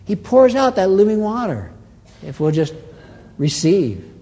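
Animated preaching man in a reverberant hall. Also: high voice, unhurried. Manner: animated preaching with dramatic swings in loudness and pace. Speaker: pastor. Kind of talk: sermon.

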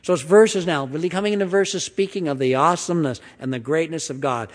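A man's voice: fast talker, hardly any pauses. Man preaching in a reverberant hall. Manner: emphatic reading with big swings of pitch and volume, dropping to quiet asides. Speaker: pastor. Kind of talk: sermon, reading and expounding scripture.

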